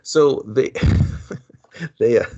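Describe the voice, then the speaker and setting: A man's voice: mid-range voice, very slow, warm tone. A man co-hosting a casual movie podcast, laid-back and laughing, with sarcastic asides. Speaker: podcast co-host. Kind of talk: casual movie recap chat. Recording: slightly dull lo-fi mic.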